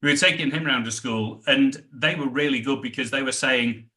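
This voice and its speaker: A middle-aged British man, a sales trainer, telling animated stories in a podcast interview and acting out the dialogue. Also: medium pitch, normal speed. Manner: animated anecdotes, acts out quoted dialogue.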